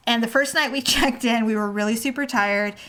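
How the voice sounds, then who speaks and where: Animated higher-voiced woman telling stories. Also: fairly quick. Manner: animated storyteller acting out quoted voices. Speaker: podcast co-host. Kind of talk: casual chat.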